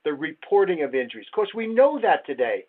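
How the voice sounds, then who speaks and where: A man's voice: fairly high pitch, sing-song, brisk, slightly rough. An older man, a safety researcher, giving a wry slide presentation full of rhetorical questions. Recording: tinny phone-like audio.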